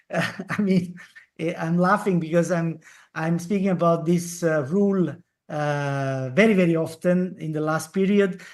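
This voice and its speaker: Halting lecturer on a video call. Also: mid-range voice, darkish tone. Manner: halting, many fillers, tag questions like "eh?". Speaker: dermatology lecturer. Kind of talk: live online lecture.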